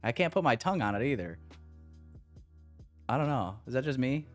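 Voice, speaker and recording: A man's voice: medium pitch, big pitch swings, moderate pace, pauses often, faint music behind. An American man hosting a trading livestream, chatting casually and reading comments from the chat. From United States.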